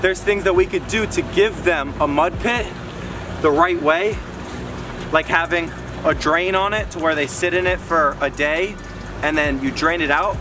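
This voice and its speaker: An excitable man talks straight to his viewers while working in an outdoor animal yard. His voice sits a little high for a man. The camera audio carries a light hiss of outdoor noise. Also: a little slow. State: out of breath at times. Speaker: vlogger, animal keeper. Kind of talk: casual outdoor vlog.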